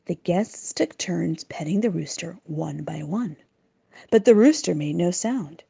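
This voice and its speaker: A woman reading a children's story aloud in an expressive, dramatic way. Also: fairly low pitch, a little slow, vocal fry, slightly rough.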